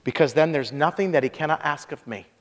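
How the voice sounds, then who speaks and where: A woman's voice: deep voice, quick pace, pitched below the performer's own voice. Doubting, stubborn woman, as a male preacher puts her on, in a reverberant hall. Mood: skeptical. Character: skeptical woman hearing the gospel.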